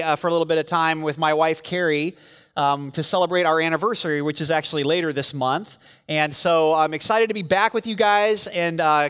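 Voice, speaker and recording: A man's voice: high-pitched, fairly bright tone, smooth. A man preaching a sermon to a church congregation, speaking conversationally and telling stories with frequent fillers. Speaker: pastor. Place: church sanctuary. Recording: long reverb of a large hall.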